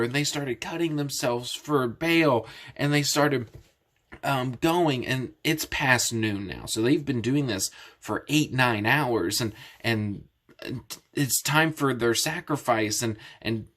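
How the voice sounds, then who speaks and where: A man at an average pitch retells a Bible story as a lesson. He explains things plainly and often restarts his sentences. His delivery is relaxed and conversational. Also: slow. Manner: casual and explanatory, with many restarts. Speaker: Bible teacher.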